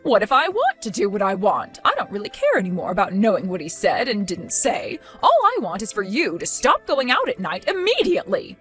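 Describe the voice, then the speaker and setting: A woman's voice: medium pitch, wildly swooping pitch, fairly quick, hardly any pauses, a bit bright, faint music behind. A woman voicing a scornful mother-in-law. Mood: contemptuous. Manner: cutting, contemptuous scolding. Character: scornful middle-aged mother-in-law, harsh and accusing. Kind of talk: text-story drama acting.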